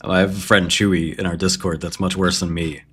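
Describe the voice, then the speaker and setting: A man's voice: low-pitched, flat delivery, a little fast, fairly bright tone, breathy edge. A man livestreaming casual stock analysis at his computer, offhand and joking, swearing and laughing at himself.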